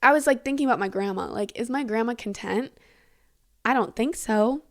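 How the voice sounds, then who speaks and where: A woman's voice: fairly high pitch, brisk. A woman in her late teens hosting a casual solo podcast, talking in a candid, rambling way with lots of swearing and "like". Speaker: podcast host.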